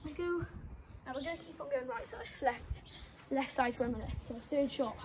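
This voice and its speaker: Breathless girl, high voice. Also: a little fast, noisy background. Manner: chatty, self-mocking, breathless. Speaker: vlogger. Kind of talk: casual outdoor football vlog. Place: garden, outdoors.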